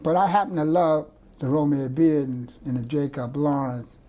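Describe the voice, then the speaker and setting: A man's voice: a little high, fairly even intonation, normal speed, mellow. An older man, an artist, telling rambling stories with many restarts in an oral-history interview, speaking indoors among his artworks. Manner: rambling, digressive storyteller with restarts.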